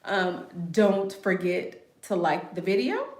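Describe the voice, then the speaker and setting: A self-assured woman talks straight to her viewers in a casual stream. She speaks bluntly and punches her points by repeating them. Her voice sits at an ordinary pitch, and it rings around a roomy space. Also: sing-song, takes it slowly. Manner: emphatic, repeats phrases for effect. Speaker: online content creator. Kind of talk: casual live-stream chat.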